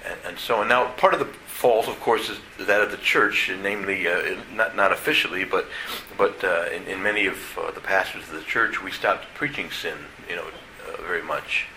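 A middle-aged Catholic priest giving a plain-spoken, conversational sermon in a church, halting and restarting as he goes. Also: low voice, pushed and bright, slight background noise, poor audio.

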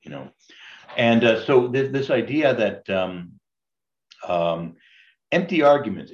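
A man's voice: mid-range voice, very animated, takes it slowly, long pauses. An older man, a priest, leading a Bible study in a conversational way and asking his group questions. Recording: dull lo-fi recording.

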